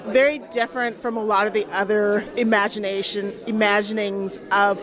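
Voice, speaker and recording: A woman's voice: mid-range voice, flat delivery, normal speed, a crowd in the background. Eager, gushing woman interviewer. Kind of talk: casual interview chat.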